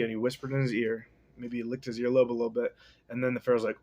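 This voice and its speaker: A man hosting a podcast, casually recapping and reading a novel with slangy, rambling, deadpan asides. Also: medium pitch, quick pace.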